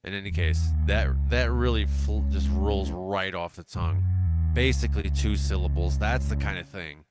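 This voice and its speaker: Rambling man over loud synth music. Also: low-pitched, normal speed. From United States. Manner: musing, rambling, self-interrupting. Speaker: livestream host. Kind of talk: casual chat reading viewer comments. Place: home music studio.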